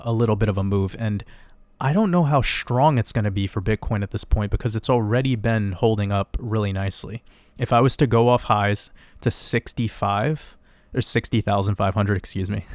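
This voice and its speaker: A man giving a casual, rambling crypto chart analysis, getting excited and swearing now and then. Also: lowish voice, dry recording. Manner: excitable, rambling, swears, laughs at own numbers.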